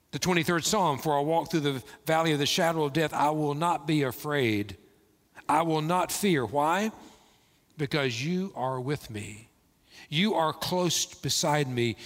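A male pastor preaching a sermon in a church, slow and emphatic with dramatic pauses. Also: mid-range voice, a bit bright. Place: church sanctuary. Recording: long reverb of a large hall.

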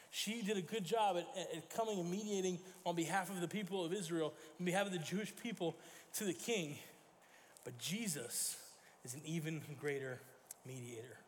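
In a large church sanctuary, a high-voiced male pastor preaches a sermon, telling stories, acting out the voices he quotes, and correcting himself along the way.

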